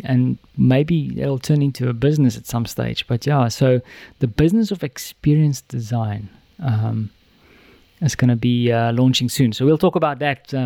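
A man's voice: mid-range voice, gravelly, warm tone, no room sound. A man hosting a podcast, chatting casually and rambling with many ums. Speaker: podcast host. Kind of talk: casual chat.

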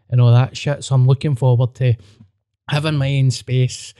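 A man's voice: mid-range voice, level tone, moderate pace, warm tone, clean tone, no echo, studio quality. A man co-hosting a podcast in casual chat, sweary, blunt and self-mocking. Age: 30s. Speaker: podcast co-host.

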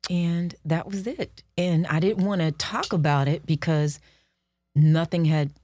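A woman's voice: low-pitched, a little slow, dry recording, studio quality. A woman, an actress, telling stories in a casual interview and acting out quoted people as she goes. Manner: animated storyteller, acts out quotes.

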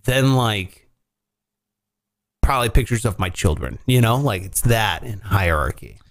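With a fairly low voice and a measured pace, a man hosts a laid-back morning comedy talk show, telling lively stories full of swearing.

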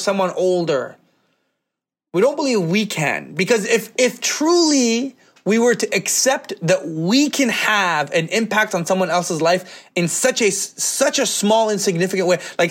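A man telling a personal story to an audience, animated and acting out the voices of people in it. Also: high-pitched. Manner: animated, acts out voices in quotes, laughs often.

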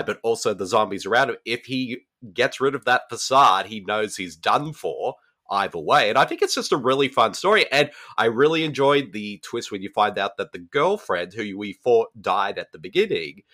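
A man hosts a casual horror podcast, recapping stories with eager, enthusiastic energy. His voice is bright and his pitch jumps around a lot as he talks. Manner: animated, enthusiastic retelling with fillers. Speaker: podcast host.

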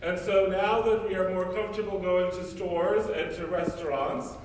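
A man's voice: high voice, steady tone, normal speed, a little hiss or hum. A male priest giving a sermon, preaching emphatically with repeated rhetorical questions. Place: church. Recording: echoey church from far off.

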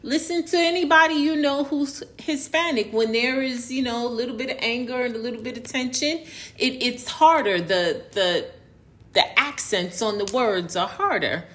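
A woman's voice: a little high, moderate pace, fairly bright tone. A woman from New York hosting a solo podcast, talking earnestly and explaining her views, with restarts and fillers. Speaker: podcast host. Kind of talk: casual solo podcast monologue.

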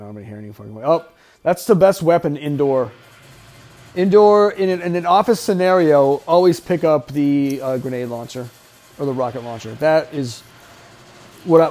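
A man with a high-leaning, mellow voice hosts a podcast while watching a movie, offering casual, wisecracking commentary laced with profanity. A film soundtrack plays faintly in the background.

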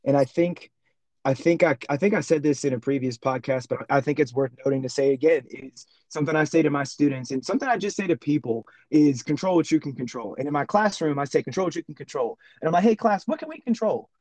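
A man's voice: fairly high pitch, fast talker, no room sound, low-quality recording. A man who is a teacher, chatting on a podcast and acting out classroom exchanges as he tells stories. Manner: animated storyteller, acts out classroom exchanges. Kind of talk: casual podcast chat.

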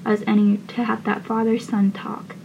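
A woman's voice: medium pitch, level tone, moderate pace, vocal fry, a little mellow, close to an everyday voice. A woman voicing a hurt teenage boy pleading. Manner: pleading, emotional. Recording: dull lo-fi with faint hiss.

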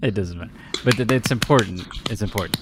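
A young man co-hosting a podcast tells work stories in a fairly low voice, talking fast over a very noisy background. He retells them with animation, laughing often as he goes.

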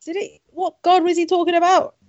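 High-voiced bubbly woman chatting during a tabletop game, dry dull mic. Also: level tone, brisk, darkish tone, no room sound. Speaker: player. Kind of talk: casual chat while gaming.

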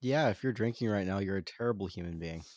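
A man's voice: lowish voice, fast talker, a little mellow. Joking male podcast co-host. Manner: joking, sarcastic. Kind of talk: casual chat.

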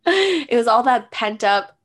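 A young woman co-hosting a casual chat, telling stories and acting out quotes with animated, rising energy. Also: fairly high pitch, slow. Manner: animated, acts out her dad and herself in quotes. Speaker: podcast co-host.

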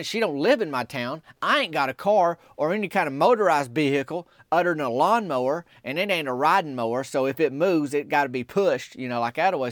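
A young man spins a long, rambling small-town tale in a drawling, folksy manner with a middle-pitched voice. The sound is dry and close, with no room echo. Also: a bit bright. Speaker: comic character monologuist. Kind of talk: comedic character monologue.

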